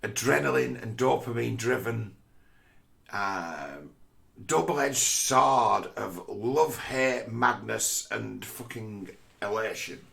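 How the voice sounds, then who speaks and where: A man's voice: mid-range voice, slow, gravelly, pushed and bright. A man in a rambling, profane casual rant who often stumbles and repeats words mid-thought.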